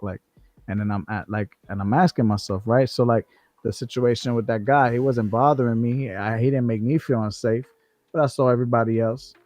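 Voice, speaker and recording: A man's voice: on the low side, a little mellow, no echo. Co-host, male, loose slangy delivery full of restarts, dry close sound. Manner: slangy, profane, many restarts and "bro". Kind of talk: casual livestream conversation.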